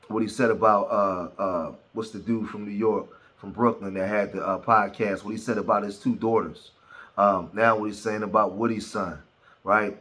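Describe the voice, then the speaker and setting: A man commenting on a clip, clearly outraged and repeating himself as he searches for words. His voice sits on the low side and keeps a steady, earnest tone. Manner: indignant, stumbling over words, with frequent fillers.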